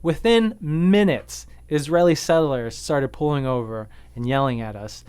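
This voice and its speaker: A man's smooth, clear voice, recorded dry and close in a radio studio. He tells a story casually, with many fillers and "um"s, and rises in animated bursts at the key moments. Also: on the high side, measured pace, no echo. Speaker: guest activist, veteran.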